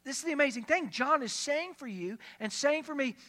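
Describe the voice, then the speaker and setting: A pastor preaching a sermon in a conversational way, asking the listeners questions and retelling scripture as lively dialogue. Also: high-pitched, brisk. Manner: conversational, asks the congregation questions.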